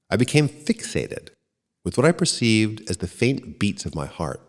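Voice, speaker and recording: A man reads a first-person short story aloud with an expressive storytelling manner. His voice is fairly low but swings widely in pitch. The recording carries a long, hall-like reverb. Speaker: narrator.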